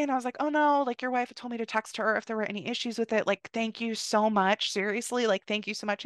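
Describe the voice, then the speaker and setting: A woman's voice: fairly high pitch, fast talker, no echo, studio quality. A young woman hosting a podcast, chatting casually through a story and filling her talk with "like" as she quotes the people in it. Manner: chatty, lots of "like", quotes people in lively voices. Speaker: podcast host.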